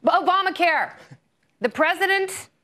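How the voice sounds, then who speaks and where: A woman's voice: extremely high pitch, lively intonation, moderate pace, sharp tone. A woman hosting a TV panel show, flippant and joking as she moderates. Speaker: talk show host.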